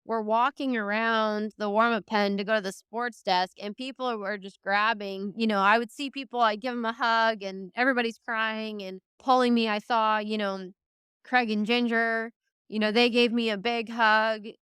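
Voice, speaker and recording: A woman's voice: on the high side, fairly even intonation, moderate pace, a bit bright, clean tone, no echo, clean studio sound. A young woman, a horse trainer, tells a podcast interviewer a long, emotional story in a rambling way, full of fillers like "like" and "you know". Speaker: guest, reining horse trainer.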